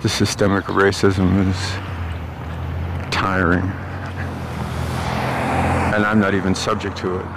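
A man's voice: low voice, flat delivery, noisy background. A man rambling aloud in a meandering walk-and-talk monologue, outdoors on his way home through a park. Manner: meandering, musing aloud with pauses and restarts. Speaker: vlogger.

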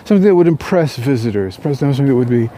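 A man tells a parable aloud in a mellow voice, unscripted and halting, with frequent restarts and fillers. A faint hum of noise sits behind him. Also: medium pitch, expressive. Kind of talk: oral storytelling of a parable.

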